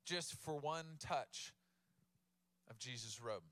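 A man's voice: medium pitch, takes it slowly, no echo. A man in his thirties preaching a sermon in a casual, humorous way, with playful retellings of the text. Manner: casual, humorous, animated storytelling with laughs. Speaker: pastor.

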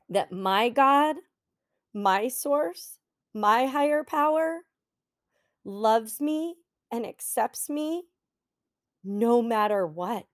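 Middle-aged woman, coach-host. Earnest, encouraging, unhurried delivery in a dry room. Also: a little high, animated, no room sound. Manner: earnest, encouraging, slow and heartfelt. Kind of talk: reflective solo podcast talk.

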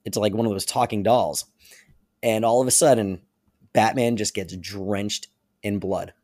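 Podcast co-host man, low-ish voice, animated retelling, dry close sound. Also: measured pace, no echo. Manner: animated retelling with frequent laughs. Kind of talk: casual chat.

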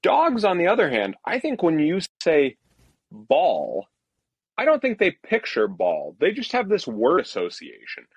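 Lively rambling podcast guy. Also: fairly high pitch, a little slow, slightly rough, dry recording. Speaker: podcast co-host. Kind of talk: casual chat.

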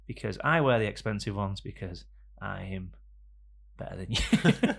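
Male podcast host, casual studio banter, low and gravelly. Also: sing-song, a little slow. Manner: joking, rambling banter with sudden loud bursts. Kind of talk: casual chat. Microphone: studio microphone.

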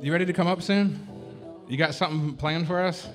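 A man's voice: a little high, fairly even intonation, brisk, faint music behind. A man hosting a live comedy show, brash and profane, calling performers up to the stage.

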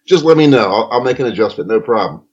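A man's voice: lowish voice, lively intonation, fast, a little mellow, husky, lo-fi sound. A man co-hosting a podcast in casual chat, hesitant and full of fillers. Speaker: podcast co-host rating the drinks.

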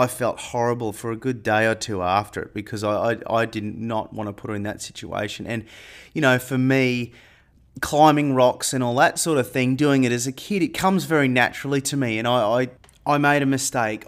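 A man telling a personal story in a casual monologue, animated and getting louder when he re-enacts a tense moment. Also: medium pitch. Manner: animated retelling, rising loud when quoting panic. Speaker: airline pilot and marketer.

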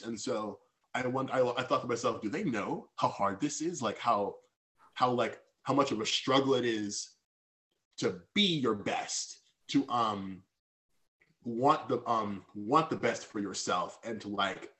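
A man with a lowish, fairly bright voice appears as a podcast guest. He talks candidly and reflectively about his personal feelings, with many fillers and restarts.

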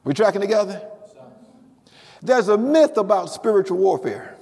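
A man preaching a sermon. He is emphatic, swinging from hushed lines to shouts and repeating key phrases. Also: sits high, very animated, normal speed, creaky, slightly rough. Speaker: pastor. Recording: long reverb of a large hall.

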